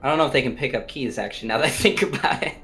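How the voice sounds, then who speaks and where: Man, tabletop player, hesitant, middle pitch, thinking out loud. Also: racing, music in the background. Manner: hesitant, restarts and laughs between ideas. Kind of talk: casual tabletop game chat.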